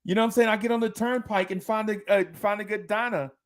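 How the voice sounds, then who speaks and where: Talking fast in a high-pitched voice with fairly even intonation, a New Jersey-accented podcast host from Jersey City reads listener comments during a casual live chat. He's slangy and playful, laughs a lot, and tends to repeat himself.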